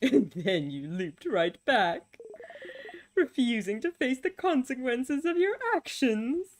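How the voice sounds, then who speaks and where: A woman's voice: on the high side, expressive, slow, slight background noise, pitched above the performer's own voice. A woman reading a taunting, theatrical star being. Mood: mock-dramatic. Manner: dramatic, taunting, mock-wounded. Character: mocking, theatrical star-like time being, no age. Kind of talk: reading game dialogue aloud.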